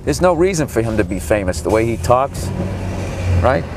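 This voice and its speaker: A man in his forties delivers a sarcastic, foul-mouthed rant from the back seat of a cab. His voice sits at an ordinary middle pitch and sounds a bit under the weather. Faint traffic rumbles behind him. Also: big pitch swings, normal speed. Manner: profane, sarcastic ranting. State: slightly sick, clearing his throat. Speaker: stand-up comedian. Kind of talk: ranting tour commentary from a cab. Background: faint traffic noise.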